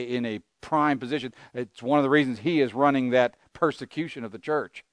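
A man's voice: mid-range voice, brisk, hardly any pauses, no room sound. An older man preaching a sermon, earnest and conversational, asking his listeners rhetorical questions. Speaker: pastor.

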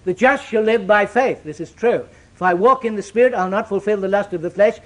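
High-voiced man preaching an emphatic sermon. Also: fairly quick. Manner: emphatic, dramatic swings from loud declarations to hushed solemn asides; old-fashioned scriptural cadence.

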